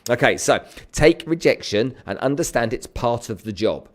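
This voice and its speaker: A middle-aged man giving a lively sales coaching talk on a live stream, greeting viewers by name. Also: mid-range voice, normal speed.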